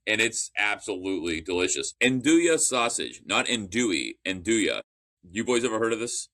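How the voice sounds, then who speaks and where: A man's voice: fairly low pitch, a little fast, pushed and bright. A man in casual podcast chat, telling long rambling stories with restarts and the odd curse.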